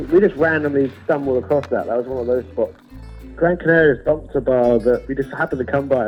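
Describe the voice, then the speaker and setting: A British man tells skate stories in a loose, rambling way and often chuckles at himself. His voice sits at an everyday pitch. The sound is a little dull, with a soft guitar line under it. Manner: rambling, chatty, laughs at his own stories. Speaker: pro skateboarder. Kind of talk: casual recollection. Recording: dull sound with music behind.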